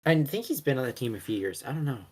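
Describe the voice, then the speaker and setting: A man's voice: mid-range voice, very animated, fast talker, slight background noise. Rambling young man chatting sports. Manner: rambling, stumbles on names and corrects himself. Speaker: co-host. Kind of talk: casual sports podcast chat.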